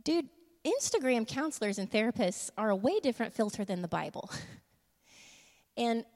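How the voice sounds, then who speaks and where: A fairly high-voiced woman preaching in a casual, chatty way, with frequent laughs and sudden slowdowns for emphasis. Her voice carries a long reverb, as if she is speaking in a large hall. She sounds like she is talking with the room more than lecturing it. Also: big pitch swings, darkish tone. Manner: conversational, laughs often, shifts between quick asides and slow emphatic lines. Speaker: church speaker. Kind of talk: casual sermon with humor and props.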